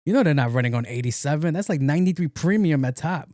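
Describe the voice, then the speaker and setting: A man's voice: a little high, expressive, fast, warm tone, no room sound, studio quality. A young man hosting a casual solo podcast, rambling with slang and swearing. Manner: rambling, profane, slangy, acts out quotes. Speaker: podcast host.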